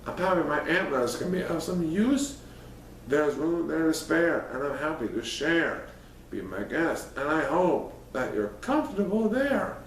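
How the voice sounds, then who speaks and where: A man voicing a kind, patient male moose in a storybook, speaking gently. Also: fairly high pitch, big pitch swings, unhurried, slight background noise. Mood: gentle. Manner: gentle and accommodating. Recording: roomy, distant mic, faint ambience.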